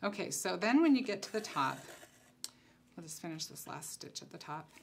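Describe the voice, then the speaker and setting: A woman's voice: on the low side, normal speed, creaky, a little hiss or hum. Chatty woman demonstrating a craft. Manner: chatty, relaxed, thinks aloud while working. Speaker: concept designer demonstrating crafts. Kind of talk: casual craft tutorial.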